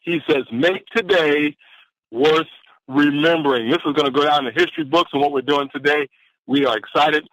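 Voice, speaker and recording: A man on a conference call giving an energetic, exclamatory motivational talk that keeps repeating its key phrase. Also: a little high, normal speed. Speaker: caller. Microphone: phone. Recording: dull dry phone line.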